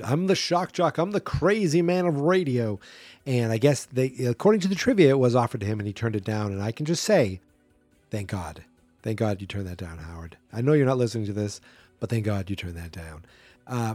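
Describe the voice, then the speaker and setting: A man's voice: medium pitch, a little mellow, no room sound. A man hosting a solo podcast, rambling through a movie in casual commentary and acting out quotes in a raised voice. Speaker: podcast host.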